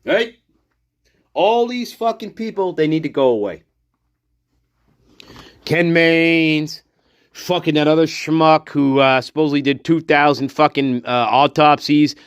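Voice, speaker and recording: A man's voice: on the high side, smooth, no room sound, studio quality. A man giving angry true-crime commentary, profane and contemptuous, dragging out his insults. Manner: profane, contemptuous, name-calling; slow, drawn-out insults.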